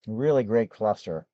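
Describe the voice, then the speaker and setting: A hoarse man, losing his voice, hosts a live gem and fossil sales show in a rambling, chatty way with frequent restarts. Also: fairly low pitch, dark tone, no echo, highs cut off. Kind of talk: casual live-stream sales chat.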